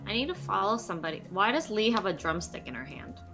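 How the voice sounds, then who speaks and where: A woman's voice: medium pitch, sing-song, fast talker, fairly bright tone, soft background music. A woman co-playing a game over voice chat, dry and teasing. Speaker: co-player. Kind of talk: casual gameplay chat.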